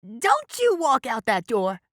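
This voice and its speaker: A man doing a shrill, scolding landlady. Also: wildly swooping pitch, slow pace, bright, forceful tone, no room sound, clean studio sound, exaggerated voice. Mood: furious. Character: loud, furious large landlady, older woman.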